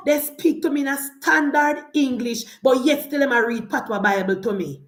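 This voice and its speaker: A woman's voice: high-pitched, normal speed, few pauses, reverberant. A Jamaican woman giving opinionated political commentary, indignant, firing off rhetorical questions and slipping into Patois.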